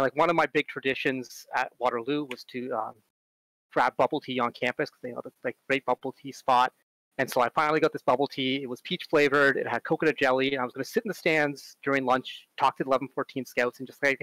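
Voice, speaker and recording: A man's voice: mid-range voice, fast talker, no echo, rough recording. Chatty man with a dry close sound. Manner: chatty, lots of fillers, animated storytelling. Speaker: conference speaker on robotics strategy. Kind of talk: casual talk with stories.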